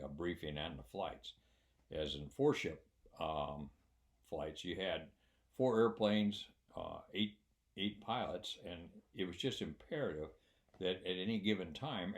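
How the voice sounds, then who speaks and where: An older man who once trained pilots tells a story in a low voice. He rambles with plenty of fillers and a dry sense of humor. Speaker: former military flight instructor. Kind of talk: casual spoken anecdote.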